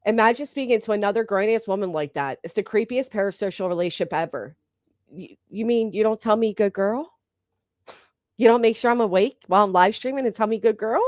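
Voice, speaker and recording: A woman's voice: medium pitch, fast talker, no room sound, clean studio sound. A woman doing live-stream reaction commentary, blunt and mocking, swearing freely as she talks over clips.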